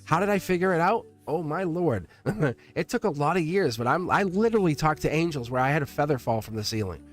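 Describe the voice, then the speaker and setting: A middle-aged man hosting a live tarot reading stream, talking warmly and at length to his viewers, rambling with frequent restarts and laughs. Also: on the high side, expressive, a little fast. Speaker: live tarot reader and channel host.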